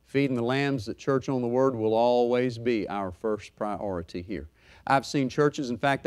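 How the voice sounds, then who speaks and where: A middle-aged man pastor preaching a sermon, swinging from loud fervor to soft, hushed talk. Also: mid-range voice.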